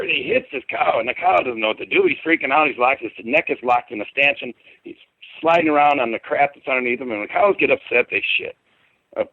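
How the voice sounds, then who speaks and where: A middle-aged man calls in to tell a personal story, rambling and colloquial and hitting his words hard. His voice sits at an ordinary pitch and comes through a thin, tinny phone line with no room sound at all. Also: no room sound. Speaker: podcast guest. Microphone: phone call.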